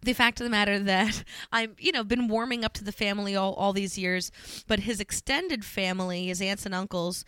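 A woman's voice: mid-range voice, fairly even intonation, moderate pace, hardly any pauses, a bit bright, clean tone, no room sound, studio quality. A woman co-hosting a podcast who chats in a rambling, giggly way with many fillers. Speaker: podcast co-host. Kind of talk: casual chat.

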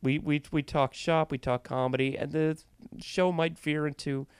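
A man's voice: on the high side, fairly even intonation, moderate pace, clean tone, no room sound. A man co-hosting a casual comedy podcast, arguing playfully and explaining with analogies. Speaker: podcast co-host. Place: hotel room.

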